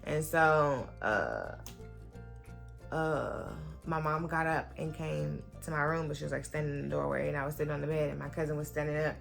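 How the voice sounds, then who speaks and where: A woman vlogger telling a personal story to her viewers, animated and full of fillers. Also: low voice, normal speed, gravelly, faint music behind. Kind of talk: storytime vlog.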